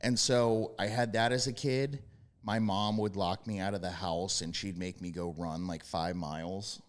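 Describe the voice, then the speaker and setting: A young man with a very low, deep voice tells his stories in brash, profane casual chat. Now and then he breaks into loud yelled impressions. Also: steady tone, moderate pace. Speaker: podcast guest, former quarterback.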